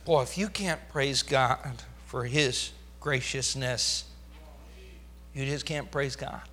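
A man preaching a fervent, emphatic sermon as pastor, swinging between loud declarations and hushed asides. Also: medium pitch, slow pace, slight background noise.

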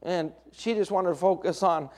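A middle-aged male pastor preaching a sermon, moving between hushed, intimate lines and raised, emphatic points, with folksy humorous asides. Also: sits high, moderate pace.

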